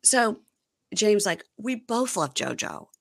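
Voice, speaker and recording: A woman's voice: mid-range voice, very animated, slow, creaky. A woman hosting a casual chat, recapping a reality show and acting out the cast's lines in quoted voices. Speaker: podcast host.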